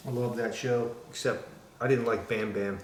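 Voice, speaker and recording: A man's voice: mid-range voice, fairly even intonation, moderate pace. A man chatting casually and cracking jokes while he works on a repair at his kitchen counter. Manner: rambling, joking asides. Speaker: electronics restorer. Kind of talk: casual chat while working. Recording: echoey room, faint background hum.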